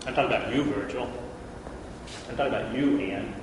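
A man preaching a lively Bible lesson, who jokes with the room and calls out listeners by name. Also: mid-range voice, fairly quick. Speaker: preacher teaching a Bible class. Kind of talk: lively sermon. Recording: echoey hall from far off, faint noise.

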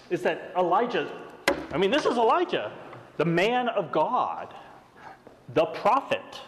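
Animated man preaching in an echoing hall. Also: on the high side. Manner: animated, emphatic, asks the listeners questions. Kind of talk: expository sermon.

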